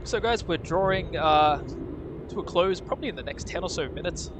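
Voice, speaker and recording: A man's voice: high-pitched, a little fast, background noise. Chatty Australian man commentating outdoors. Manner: relaxed, chatty, thanks viewers, frequent uh fillers. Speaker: co-host of a plane-spotting livestream. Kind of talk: live spotting commentary and viewer chat. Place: outdoors at an airport car park.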